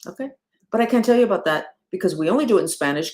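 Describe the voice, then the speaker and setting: A woman leading a spiritual movement talks straight to her followers in a loose, conversational way. She asks rhetorical questions and leans hard on some words, then drops to a hushed tone. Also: fairly low pitch, racing. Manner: animated, rhetorical, swings between loud and hushed. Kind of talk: casual spiritual talk to followers.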